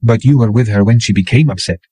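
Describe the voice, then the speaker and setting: A man reading an audiobook, voicing a blunt, caring young woman who talks in a brisk, chiding way. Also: mid-range voice, darkish tone, no room sound, close to an everyday voice. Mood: accusing.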